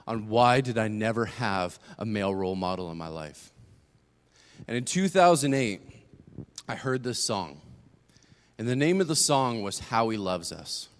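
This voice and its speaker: A young man giving a personal testimony as a church speaker, moving between hushed and emphatic storytelling. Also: lowish voice. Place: church sanctuary. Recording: long hall reverb.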